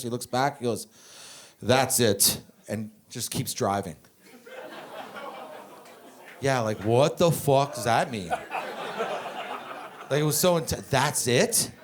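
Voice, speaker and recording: A male stand-up comedian on a club stage, telling stories with lots of swearing and a lively, animated delivery. His voice sits a little higher than most men's, and he breaks off now and then to talk with the crowd. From Canada. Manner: profane, animated storytelling with crowd work.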